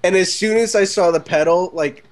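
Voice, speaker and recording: A man co-hosting a podcast, retelling stories in animated casual chat. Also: high-pitched, brisk. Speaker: podcast co-host.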